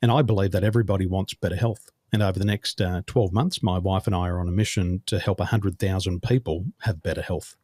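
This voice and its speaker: A man with an Australian accent, a business coach answering interview questions in a measured, deliberate way. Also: low-pitched, fairly even intonation, darkish tone, no echo, clean studio sound. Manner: measured, deliberate delivery, speaks slowly on purpose.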